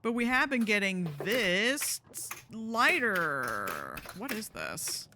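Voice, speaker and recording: A woman streaming a co-op game with friends, talking casually with excitable, swearing outbursts and frequent laughs. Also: mid-range voice, slow, a little hiss or hum. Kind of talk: casual gaming chat.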